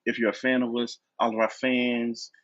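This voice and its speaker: A man's voice: mid-range voice, little pitch movement, moderate pace, a bit bright, dry recording, dull audio. A man appearing as a guest on a podcast, talking about his own show in an easygoing way and laughing often. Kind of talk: casual interview chat.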